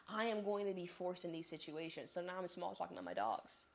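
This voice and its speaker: A woman's voice: lowish voice, fairly quick, vocal fry, hardly any pauses, slight background noise. Chatty woman vlogger telling a travel story. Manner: chatty, animated, talks to the viewer. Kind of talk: casual storytelling vlog. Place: on the move, traveling through an airport.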